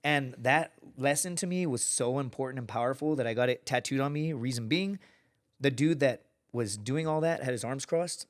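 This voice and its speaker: A man tells stories as a guest on a podcast, in a loose and lively way. He swears often and puts on voices when he quotes people. His pitch sits in a mid range. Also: moderate pace. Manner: animated storyteller, acts out quotes, swears often. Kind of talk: casual storytelling.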